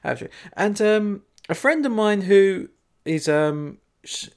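A man with a notably high voice tells long, winding stories in a relaxed chat. His pitch swings widely as he talks, and he breaks into laughter often. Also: slow, clear, resonant tone. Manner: rambling storyteller, laughs often. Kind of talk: casual chat.

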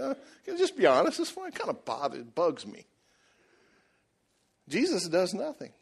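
High-voiced animated preacher man. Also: husky. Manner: animated, jokey storytelling, acts out voices. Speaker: pastor. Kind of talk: sermon.

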